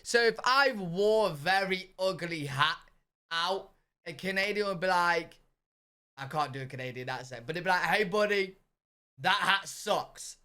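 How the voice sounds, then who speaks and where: A man's voice: sits high, normal speed, pushed and bright, clear, resonant tone, no echo. A British man streaming a casual reaction, chatting loosely with lots of fillers and restarts. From United Kingdom. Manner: chatty, rambling, filler-heavy.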